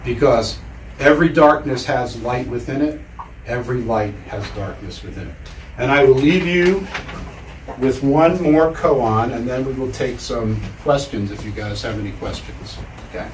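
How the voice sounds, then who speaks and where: A measured male lecturer in an echoey hall. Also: medium pitch, slight background noise. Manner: measured, with deliberate pauses. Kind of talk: storytelling lecture. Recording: roomy hall, mic far off.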